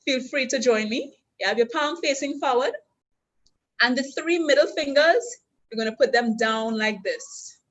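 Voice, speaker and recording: A woman with a Trinidadian accent, her voice sitting a little high. She walks listeners through simple hand signs, step by step, with patient, clear instruction. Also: normal speed, rough recording. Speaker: sign language instructor. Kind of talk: teaching a class. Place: university orientation session.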